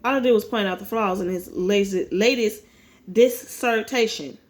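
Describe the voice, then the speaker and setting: A man's voice: high voice, moderate pace, close to an everyday voice. Woman reading as a blunt robotic male student. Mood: clinical. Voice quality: flat, robotic delivery. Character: cold, blunt male psychology grad student.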